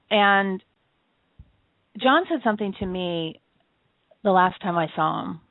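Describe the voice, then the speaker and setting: A woman with a lowish voice co-hosts an internet radio show, sharing stories in a reflective, casual chat and laughing often. The audio is dry and sounds tinny, like a phone line.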